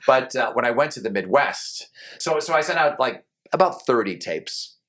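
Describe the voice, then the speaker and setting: A middle-aged man from New England, a longtime TV news anchor, telling his career stories in a relaxed, rambling way with lots of fillers. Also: medium pitch, normal speed. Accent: faint New England. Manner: rambling, many fillers and restarts. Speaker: guest, television news anchor. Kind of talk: relaxed storytelling in a podcast interview.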